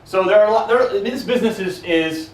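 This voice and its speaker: A man's voice: sits high, brisk. A man speaking casually to a live audience and taking their questions, blunt and profane with a joking tone. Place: conference room with an audience. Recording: roomy, from a distance, faint noise.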